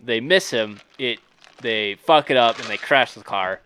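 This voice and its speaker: A man's voice: mid-range voice, measured pace, bright, forceful tone, a little hiss or hum. A man co-hosting a podcast, summarizing a film in a rambling way with many fillers. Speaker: podcast co-host. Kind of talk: casual podcast chat.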